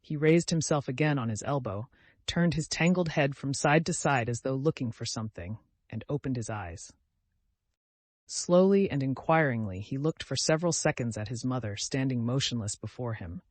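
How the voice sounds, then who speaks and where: A man narrating a classic novel as an audiobook, calm and measured, lifting his voice for the dialogue. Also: mid-range voice, no echo.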